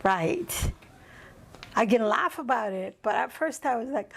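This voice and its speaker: A woman's voice: fairly high pitch, a little slow, vocal fry, long pauses. A woman guest on a podcast telling a personal story in a reflective, rambling way, often checking in with "right?". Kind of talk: casual interview storytelling.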